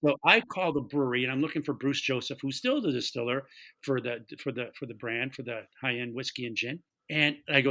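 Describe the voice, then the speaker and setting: Animated, bright-voiced storytelling man. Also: medium pitch, quick pace. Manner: animated, acts out quoted voices. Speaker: guest, taproom owner. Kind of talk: casual storytelling.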